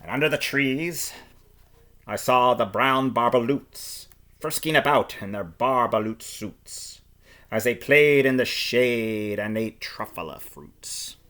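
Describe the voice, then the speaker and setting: A man performing a rhyming storybook aloud in the first person, playful and expressive. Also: medium pitch, takes it slowly.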